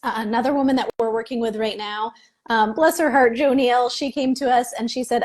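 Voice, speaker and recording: A woman's voice: on the high side, fairly quick, a little mellow. Upbeat woman explaining her work. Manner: upbeat, explains clearly, laughs easily. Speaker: business mentor guest. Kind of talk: casual interview chat.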